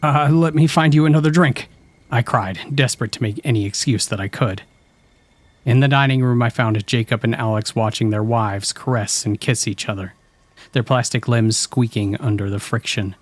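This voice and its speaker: A man reads a horror story aloud in a steady, scripted narration. His voice sits somewhat low, and his delivery stays even as he tells the story. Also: moderate pace, no echo.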